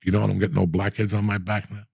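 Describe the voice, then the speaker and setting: A man's voice: on the low side, little pitch movement, quick pace, darkish tone, dry recording, studio quality. A middle-aged man hosting a casual chat, telling blunt, profane stories in a rambling way. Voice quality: gravelly, husky. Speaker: podcast host.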